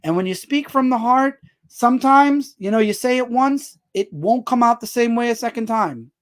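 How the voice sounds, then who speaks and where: A man hosting his own live stream, talking loudly and joking as he answers viewers' comments. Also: extremely high pitch, normal speed. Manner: loud, animated, jokey, answers chat comments aloud. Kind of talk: casual live-stream chat.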